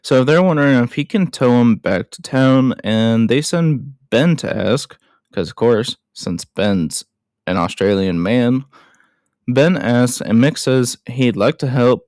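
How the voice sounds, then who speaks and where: A man's voice: medium pitch, expressive, slow, darkish tone, dry recording, clean studio sound. A man hosting a casual film recap, chatty and self-deprecating with frequent asides.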